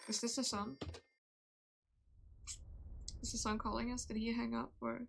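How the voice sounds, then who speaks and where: Gravelly woman streamer reading game dialogue. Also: a little high, flat delivery. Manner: reads each character's lines in turn, often slow and deliberate. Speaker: VTuber streamer. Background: game music.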